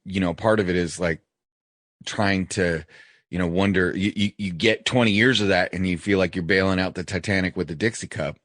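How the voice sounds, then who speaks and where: A man's voice: low voice, brisk, a bit bright, dry recording, clean studio sound. A man co-hosting a podcast, talking in a reflective, rambling, casual way. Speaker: podcast co-host.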